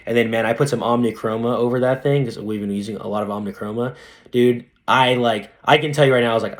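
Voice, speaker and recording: A man's voice: medium pitch, fast. A young man, a dentist guest on a podcast, chatting casually and animatedly, full of slang. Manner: animated, slangy, says dude a lot. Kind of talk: casual interview chat.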